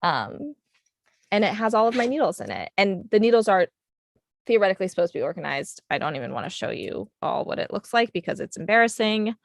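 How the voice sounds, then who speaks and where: Young woman, New England accent, casual rambling livestream chat, lots of ums, gravelly, dry close sound. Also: medium pitch, very animated, brisk, no room sound. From United States. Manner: chatty, rambling, frequent ums. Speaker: livestream host. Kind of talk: casual chat while knitting.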